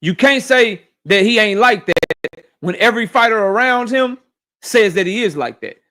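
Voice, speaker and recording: A man's voice: high-pitched, expressive, moderate pace, bright, forceful tone. A man hosting a casual boxing livestream, ranting animatedly and profanely while reading chat messages.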